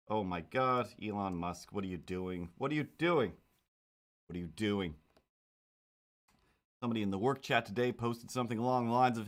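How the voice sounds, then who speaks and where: A man's voice: lowish voice, fairly bright tone. A man chatting casually on a livestream while drawing, rambling with self-mocking, playful asides. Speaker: streamer.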